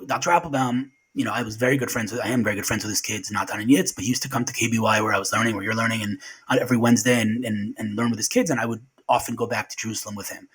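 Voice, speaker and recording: A middle-aged man recalling loss in an interview, halting and repeating words as he talks. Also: on the low side, a bit bright, breathy edge, poor audio. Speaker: guest. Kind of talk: emotional remembrance interview.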